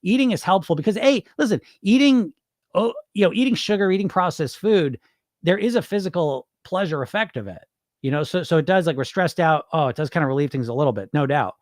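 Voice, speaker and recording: A man's voice: on the high side, animated, a little fast, dry recording, clean studio sound. A man hosting a weight loss podcast, answering viewer questions in loose, rambling chat with casual swearing. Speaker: weight loss hypnosis coach, podcast host.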